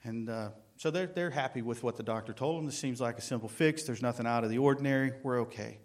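A man preaching to a congregation, his voice sitting at an ordinary middle pitch. He speaks in a folksy, halting manner, leaning on fillers and restarts, and acts out voices when he tells a joke. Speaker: guest preacher. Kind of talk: sermon.

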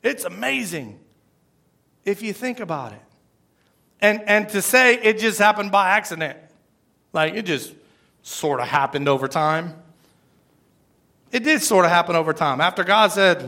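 A man's voice: high-pitched, animated, unhurried, gravelly, pauses often, bright, forceful tone. A man preaching a sermon, emphatic and repeating his phrases. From Florida. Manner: emphatic, repeats phrases, asks the crowd "right?". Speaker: pastor.

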